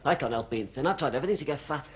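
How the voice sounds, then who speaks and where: A man's voice: mid-range voice, expressive, rapid-fire, very noisy. A man with a Liverpool accent doing a cheeky stand-up comedy routine, chatting and bantering with a live audience. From Liverpool, England. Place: theatre stage before a live audience. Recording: dull 1970s TV broadcast audio, loud audience laughter.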